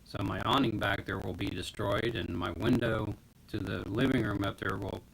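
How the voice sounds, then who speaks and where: A man's voice: fairly low pitch, steady tone, normal speed, creaky, slight background noise, rough recording. A man casually rambling to viewers on a live stream from home, talking into his phone. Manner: rambling, talks to viewers while fiddling with gear.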